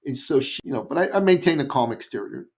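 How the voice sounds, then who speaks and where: Lively male guest telling a story. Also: a little high, quick pace. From Canada. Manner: lively anecdotal storyteller with emphatic asides. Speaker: podcast guest, business coach. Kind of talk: storytelling in an interview.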